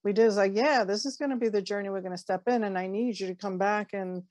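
A woman's voice: medium pitch, fast talker, no echo. Woman talking spiritual stuff, earnest, keeps restarting, dry close mic. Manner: warm, earnest, repeats words and restarts often. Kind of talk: casual spiritual chat.

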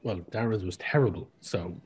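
A man's voice: on the low side, moderate pace, darkish tone, slightly rough. A man narrating as game master in a tabletop game, loose and rambling with many fillers.

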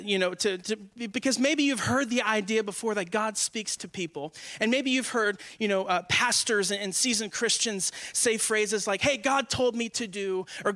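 A man in his twenties preaching in church with a high, bright voice. He keeps it conversational and joking and often asks the congregation questions. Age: 20s. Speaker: guest speaker. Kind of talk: humorous conversational sermon.

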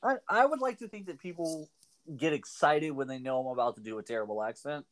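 A man's voice: on the high side, brisk. A man hosting a radio show, joking around in a casual, playful way. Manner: jokey, playful, lively delivery.

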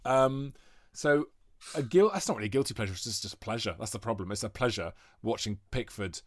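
A man telling an animated story in casual podcast chat, swearing and laughing as he goes. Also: medium pitch, a little fast, no room sound, clean studio sound. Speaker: podcast guest.

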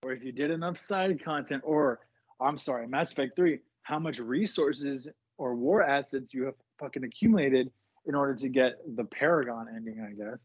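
Husky-voiced man arguing his point, dry lo-fi. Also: mid-range voice, dry recording. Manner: measured, argues his point at length. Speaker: podcast co-host. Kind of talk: casual chat. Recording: dry, dull lo-fi podcast audio.

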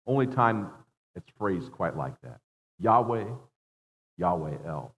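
A man's voice: sing-song, slow. Man preaching in a reverberant church. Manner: earnest preaching, voice dropping low and rising for emphasis; repeats words when building a point. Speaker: guest preacher. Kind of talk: sermon. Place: church sanctuary. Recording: dull sound in a long-reverb hall.

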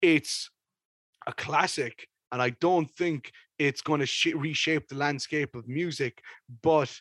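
A young man hosts a podcast and gives his take on a record in a loose, rambling way, swearing as he goes. His voice sits fairly high for a man. The sound is dry and close, with no room around it. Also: takes it slowly, no room sound. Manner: rambling and animated, with casual swearing. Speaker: podcast host. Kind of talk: casual music review chat.

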